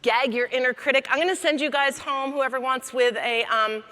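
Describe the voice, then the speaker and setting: A woman comedian and coach giving a lively, joking keynote talk to a conference audience. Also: high-pitched, normal speed. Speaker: keynote speaker. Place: large conference hall. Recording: long hall reverb.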